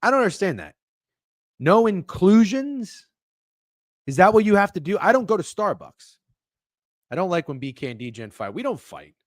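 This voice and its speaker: A man's voice: high-pitched, sing-song, fast talker, dry recording, clean studio sound. A man hosting a live stream, chatting casually in a rambling, profane, jokey way and reacting to chat. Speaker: stream host.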